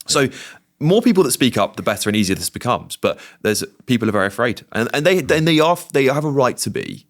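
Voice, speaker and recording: Brief: British male podcast guest, emphatic and animated, quick talker. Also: mid-range voice. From Britain. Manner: emphatic, animated opinion-giving. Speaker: guest, TV presenter. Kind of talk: casual podcast conversation.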